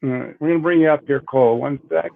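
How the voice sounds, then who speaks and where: A man's voice: a little high, quick pace, vocal fry, no echo. An older man hosting a live psychic show, chatty and repeating himself as he greets a caller over a video call. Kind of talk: casual live-stream chat. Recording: tinny phone-like call audio with faint noise.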